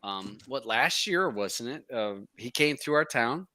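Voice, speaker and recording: A man hosts a loose, casual panel chat, his voice bright and forward, pitch bouncing up and down as he talks. He laughs often and drops swear words without a second thought. The sound is dry and close. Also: animated, measured pace, dry recording. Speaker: host.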